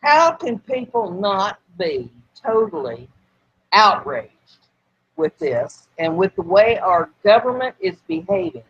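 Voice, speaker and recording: Female co-host; emphatic, indignant talk at a mid pitch. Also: very animated, slow, slightly rough, highs cut off. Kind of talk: casual political talk.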